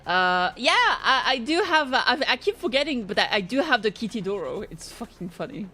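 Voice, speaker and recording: A fairly high-pitched woman streams a game, her voice swinging widely as she chats. She is excitable and rambling, swears freely and reads the game's lines aloud. Faint game music plays behind her. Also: a little fast. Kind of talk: casual gameplay chat.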